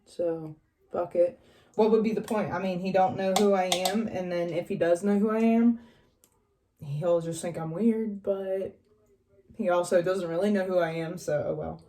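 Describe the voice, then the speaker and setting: Young woman, mild West Virginia accent, rambling chatty talk, mellow warm tone. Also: on the low side, fairly even intonation, moderate pace, slight background noise. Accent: northern West Virginia. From West Virginia, USA. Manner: rambling, chatty, drifts off quietly. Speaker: vlogger. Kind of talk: casual get-ready-with-me chat.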